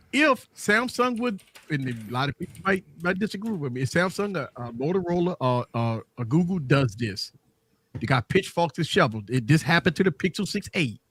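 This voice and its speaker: A man's voice: a little high, slightly rough. A man hosting a live tech chat show. He talks casually and keeps checking in with "right?". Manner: animated, tag questions like "right?". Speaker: host.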